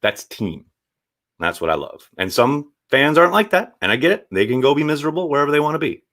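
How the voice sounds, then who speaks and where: A man hosting a casual live stream, reading viewer chat and giving blunt, animated takes with the odd swear. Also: fairly high pitch, fast talker. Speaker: sports show host reading viewer chat.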